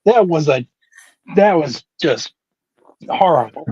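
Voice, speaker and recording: A man's voice: fairly high pitch, animated, slow pace, darkish tone, breathy edge, no echo. Self-mocking man on dull lo-fi audio. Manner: self-mocking, laughing banter. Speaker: wrestling podcast co-host. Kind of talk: casual chat.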